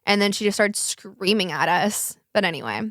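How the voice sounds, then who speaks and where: A young woman hosting a podcast, telling a story in casual chat with lots of swearing and lively acted-out quotes. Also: medium pitch, moderate pace, no echo, clean studio sound. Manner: animated, profane, acts out quotes in a raised voice. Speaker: podcast host.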